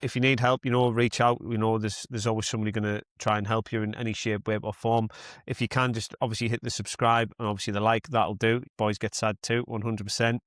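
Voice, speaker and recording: A man's voice: on the low side, flat delivery, fast, fairly bright tone, no room sound, clean studio sound. A man hosting a podcast in casual, rambling chat that slips into mild swearing. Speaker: podcast host.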